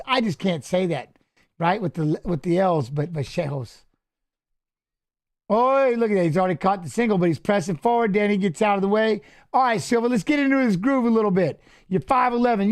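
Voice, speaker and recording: A middle-aged man hosting a fight watch-along, chatting casually and coaching the fighters aloud with excited calls. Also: sits high, fairly quick. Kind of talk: casual live fight commentary.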